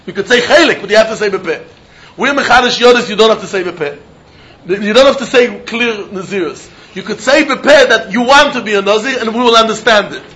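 High-voiced man giving a Talmud class. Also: fairly bright tone. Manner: Yiddish-laced English, chanting question-and-answer. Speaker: Talmud teacher. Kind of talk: Talmud lecture.

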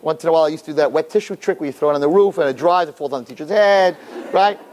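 A middle-aged man giving an animated Torah lecture to an audience, acting out quotes in funny voices. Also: very fast. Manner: expressive, acts out quotes with big pitch jumps. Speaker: Torah teacher.

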